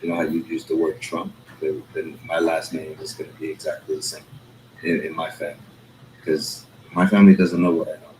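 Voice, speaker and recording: Low flat-voiced man, rambling chat. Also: brisk, a little hiss or hum, poor audio. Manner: rambling, streetwise, talks in loose asides. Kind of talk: casual chat.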